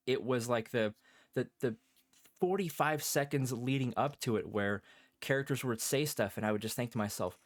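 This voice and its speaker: A man's voice: mid-range voice, moderate pace, no room sound. A man co-hosting a podcast, chatting casually and acting out his reactions while he tells a story. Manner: animated storytelling, acts out his own thoughts. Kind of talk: casual chat.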